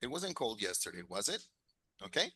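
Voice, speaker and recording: A man's voice: mid-range voice, sing-song, a little fast, sharp tone, husky. A man teaching an English class, encouraging his students, drilling phrases and chuckling often.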